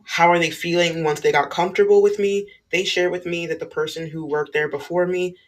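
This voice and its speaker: A former school staff member telling a personal story in a blunt, emphatic way, swearing freely. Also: mid-range voice.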